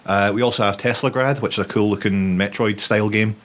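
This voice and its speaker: Guy hosting a games podcast, kinda low voice, jokey and rambly, swears a bit. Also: steady tone, a little fast, fairly bright tone. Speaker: podcast co-host. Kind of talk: casual chat.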